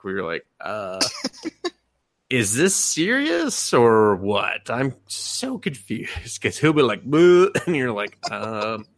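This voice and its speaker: A man's voice: medium pitch, no room sound, clean studio sound. A man co-hosting a podcast, recapping anime in casual chat, acting out quotes with profanity and laughter. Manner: animated storytelling, acts out quotes, profane. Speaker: podcast co-host.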